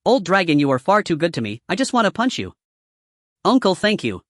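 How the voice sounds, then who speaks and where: A man's voice: sits high, very animated, a little fast, a bit bright, no room sound, clean studio sound. A man voicing an earnest young male cultivator hero who speaks gratefully to his elder.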